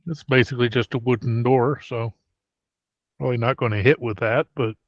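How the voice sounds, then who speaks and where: A man's voice: mid-range voice, steady tone, brisk, no echo, muffled recording. A man playing a tabletop role-playing game, thinking aloud and a little tentative. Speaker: player. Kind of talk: casual tabletop play.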